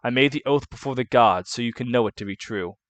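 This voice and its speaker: A man voicing a devoted young servant, speaking quietly and sincerely. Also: medium pitch, fast talker, no echo, lightly acted.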